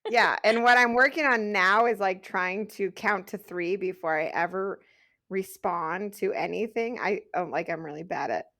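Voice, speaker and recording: A woman co-hosts a motherhood podcast in an easy, unscripted chat. She speaks at a middle pitch and breaks into laughter often while making her points. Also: moderate pace. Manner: laughs often, candid and animated. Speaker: podcast co-host. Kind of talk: casual chat.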